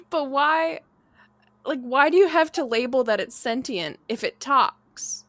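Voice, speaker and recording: A woman's voice: high-pitched, animated, slow pace, a bit bright, no echo. A woman co-hosting a casual podcast chat, laughing easily as she reads out short spooky stories. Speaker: podcast co-host.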